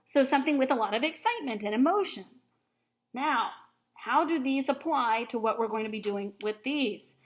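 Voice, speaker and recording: A woman's voice: high-pitched, expressive, normal speed. Patient woman teaching a grammar lesson. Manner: patient, clear, step-by-step instruction. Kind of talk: recorded grammar lesson for children.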